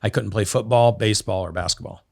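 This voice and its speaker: Gravelly and lowish, the voice belongs to a middle-aged Oregonian appearing as a business guest in a storytelling interview. He talks quickly and acts out dialogue with energy, captured in clean studio sound with no room tone.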